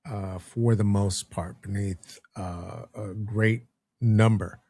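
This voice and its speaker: Slow, gravelly-voiced man. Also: on the low side, steady tone, darkish tone. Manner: slow, halting, many fillers and restarts. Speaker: podcast co-host. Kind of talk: casual podcast conversation.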